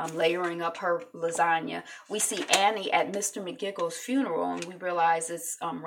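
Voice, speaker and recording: A woman casually recapping a TV episode, animated, acting out characters with many fillers. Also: on the low side, noisy background. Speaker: TV recap vlogger.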